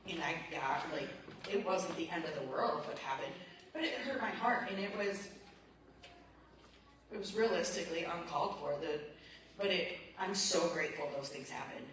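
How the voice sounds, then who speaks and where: A woman's voice: fairly low pitch, lively intonation, moderate pace, a bit bright. Emotional woman sharing in an echoey room. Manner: emotional, rambling, lots of "like" and "man". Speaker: recovery group member. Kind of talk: personal sharing at a recovery meeting. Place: meeting room. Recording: very echoey room, voice far from the mic, background noise.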